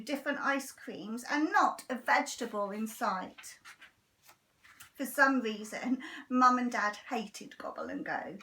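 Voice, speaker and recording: A teacher reading a children's storybook aloud with a lively, expressive delivery. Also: female voice, high-pitched, unhurried, recorded from a distance.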